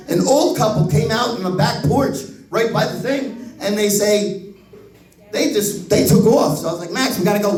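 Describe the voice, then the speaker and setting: A middle-aged male comedian tells a story on a club stage in an animated, profane way, laughing as he goes. His voice is notably high, and the sound comes from a distance with a roomy echo. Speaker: stand-up comedian. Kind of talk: stand-up storytelling. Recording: echoey club room from a distance.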